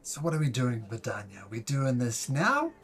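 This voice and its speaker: A man playing a hushed, sneaky adventurer. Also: wildly swooping pitch, normal speed, soft background music. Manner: hushed, low-voiced scheming.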